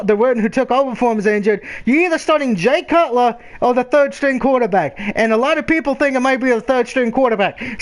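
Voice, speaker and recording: A man with a very high voice hosts a casual football talk show. He rants bluntly and swears freely, pushing his picks with animated conviction. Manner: blunt, profane, animated ranting. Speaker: sports picks podcast host. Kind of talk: casual sports chat.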